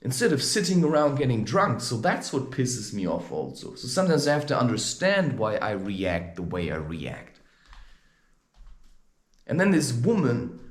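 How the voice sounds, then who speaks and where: A man's voice: medium pitch, roomy sound. A man in a heated, ranting monologue, recounting a confrontation and musing on how he reacts to people. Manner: heated, animated, storytelling. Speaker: spiritual advice vlogger.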